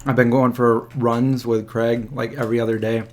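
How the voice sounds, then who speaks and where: A man's voice: medium pitch, little pitch movement, moderate pace, slight background noise. A man in his forties hosting a live stream chat, easygoing, reading viewer questions aloud. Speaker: host. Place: indoors, eating lunch. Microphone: external mic.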